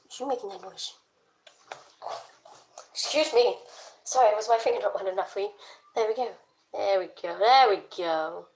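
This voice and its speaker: A woman's voice: mid-range voice, normal speed, long pauses, darkish tone. A young woman chatting playfully on a live stream, talking to her pets and her viewers. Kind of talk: casual live-stream chat. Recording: echoey room.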